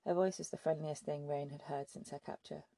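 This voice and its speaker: With a dark, husky, gravelly low voice, a woman reads scripted audiobook narration at a steady, measured pace. Her intonation stays flat and even, and the close, dry sound carries no room ambience.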